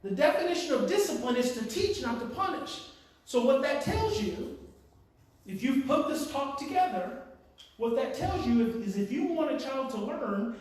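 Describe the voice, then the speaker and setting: A man speaks passionately to parents in a strikingly high voice, repeating his phrases and swinging from hushed to loud. He stands well back from the microphone, and a heavy room echo surrounds his words. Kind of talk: impassioned talk to parents. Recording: very echoey room, far from the mic.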